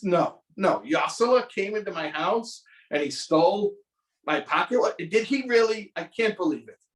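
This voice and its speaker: A man's voice: high-pitched, lively intonation, normal speed, pitched above the performer's own voice. A dismayed old-world rabbi , as a man puts him on, talks anxiously in a raised, disbelieving voice. The sound is roomy and comes from some distance away.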